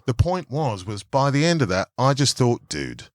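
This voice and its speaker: A man's voice: mid-range voice, moderate pace, dry recording, clean studio sound. A man chatting as a podcast guest, telling stories and acting out the voices of people he quotes. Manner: animated, acts out quoted voices. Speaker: actor guest. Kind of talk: casual chat, storytelling.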